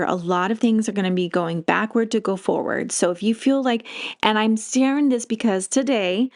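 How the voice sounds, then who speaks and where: Chatty woman hosting a spiritual talk. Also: on the high side. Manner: chatty, meandering, with frequent laughs; animated and expressive when retelling stories. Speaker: podcast host. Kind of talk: casual spiritual monologue.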